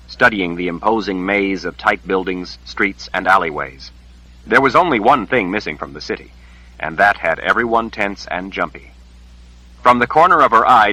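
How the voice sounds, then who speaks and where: A man reading a fantasy novel aloud as an audiobook narrator, in a measured, even storytelling delivery. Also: fairly low pitch, husky, rough recording.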